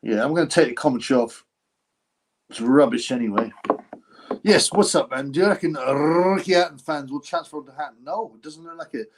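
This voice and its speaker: Man, slightly high voice, casual live fight commentary, mocking blunt tone. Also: brisk, slight background noise. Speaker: livestream host reacting to a boxing fight.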